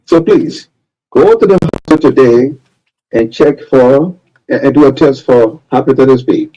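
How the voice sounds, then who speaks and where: A man's voice: mid-range voice, mellow, highs cut off. Emphatic man giving health tips. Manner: emphatic, repeats key points, drawn-out stresses. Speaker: health tip presenter. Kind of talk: radio health advice segment.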